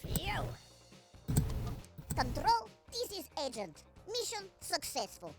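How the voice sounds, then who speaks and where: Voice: very high voice, wildly swooping pitch, slow pace, full character voice. Actors voicing cartoonish worm soldiers in a video game, barking exaggerated one-liners in many different accents. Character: assorted cartoonish worm soldiers, mixed ages. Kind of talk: game character voice clips. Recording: game music behind.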